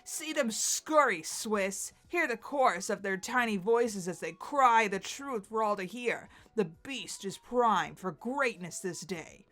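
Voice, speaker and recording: A woman voicing a big, boastful male buck with a Southern drawl and a booming, hearty manner in a dramatic webcomic read-aloud. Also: lively intonation, takes it slowly, few pauses, a bit bright. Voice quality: hearty chuckle, booming bravado. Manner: grandiose, speaks of himself as "the mountain".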